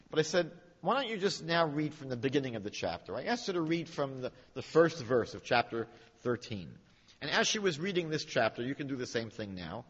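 A man teaching in a large hall, telling a story with a lively, swooping voice and acting out each person in it. His tone is a little husky, and the recording is dull and lo-fi with a long reverb trailing after his words. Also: a little high. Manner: animated storyteller acting out quoted dialogue. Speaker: religious teacher. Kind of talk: storytelling lecture.

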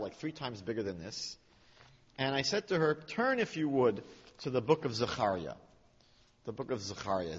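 Animated male teacher in a reverberant hall. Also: on the high side, slightly rough. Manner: animated storyteller acting out quoted dialogue. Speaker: religious teacher. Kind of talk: storytelling lecture. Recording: dull lo-fi audio with long hall reverb.

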